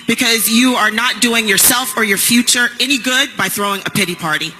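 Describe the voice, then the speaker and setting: A woman giving a motivational stage speech as a network marketing speaker, emphatic and punchy, building to shouts. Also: fairly high pitch, fairly quick, few pauses, long reverb tail, soft background music, rough recording.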